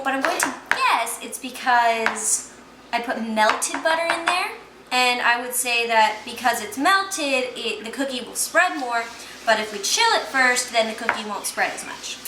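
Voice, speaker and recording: A woman's voice: on the high side, animated, unhurried. Chatty woman in an echoey kitchen. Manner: chatty, thinking aloud with fillers. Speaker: vlog host. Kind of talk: casual kitchen vlog chat. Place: home kitchen. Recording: echoey kitchen, clear background noise.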